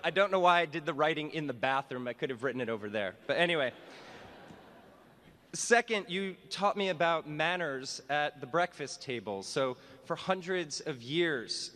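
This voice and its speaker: A man's voice: fairly high pitch, expressive, normal speed, fairly bright tone, big-room sound, slight background noise. A man, a teacher, giving a humorous commencement address in a wry, self-mocking way. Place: school graduation hall.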